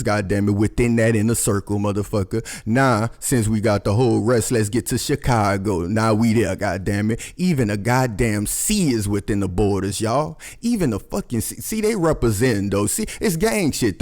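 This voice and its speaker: Profane, excitable man ranting on logos. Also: medium pitch. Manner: profane, excitable, talks to viewers as y'all, swears constantly. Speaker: conspiracy commentary host. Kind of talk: profane rambling commentary over logos.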